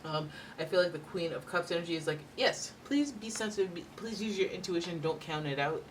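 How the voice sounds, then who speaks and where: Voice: mid-range voice, expressive, fairly quick, slight background noise. Chatty tarot reader, slightly distant mic. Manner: chatty, rambling, playful asides. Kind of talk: casual tarot reading to camera.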